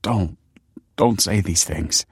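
A desperate, grieving husband, voiced by the audiobook narrator himself. He pleads and stammers in a very deep voice. The sound is dry and close. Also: fairly even intonation, normal speed, dry recording. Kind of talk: audiobook character voice.

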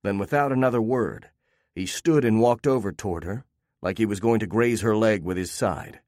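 A man narrating a first-person story in a steady, even storytelling manner. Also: fairly low pitch, normal speed, no echo, clean studio sound.

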